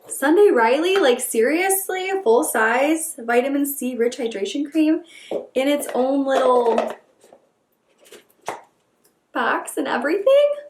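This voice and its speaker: A woman beauty vlogger doing an excited unboxing chat, gushing and gasping as she repeats her delight. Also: high-pitched, slow, pauses often, reverberant, slight background noise.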